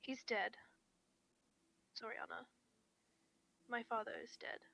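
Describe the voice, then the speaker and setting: A woman voicing a grieving, guarded young woman adventurer in a soft, near-whispered manner, as whispered role-play. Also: a little high, flat delivery, takes it slowly, gravelly, full character voice, low-quality recording. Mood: somber.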